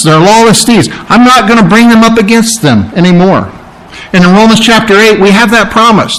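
A man's voice: high voice, fairly bright tone, low-quality recording. A man preaching a sermon as a pastor, emphatic and conversational, with asides to the congregation.

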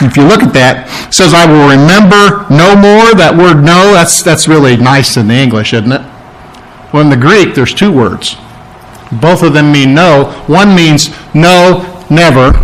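A man's voice: a little high, a bit bright, rough recording. A man preaching a sermon as a pastor, emphatic and conversational, with asides to the congregation.

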